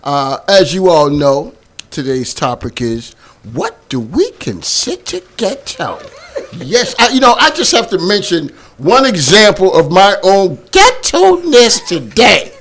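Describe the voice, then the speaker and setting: A man's voice: sits high, very animated, a little slow, a bit bright. A man hosting a casual talk show, bantering playfully and laughing often as he introduces guests. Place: church basement studio.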